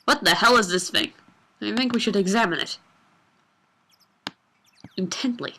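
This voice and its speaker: A woman's voice: medium pitch, a little slow, pushed and bright, breathy edge, heavily acted. A woman voicing a meek young male lawyer who stammers and hesitates, in a fan game dub.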